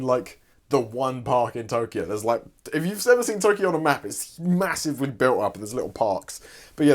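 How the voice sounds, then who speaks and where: A young man casually recapping a story in a rambling, sweary, excitable way. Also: medium pitch. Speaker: YouTuber.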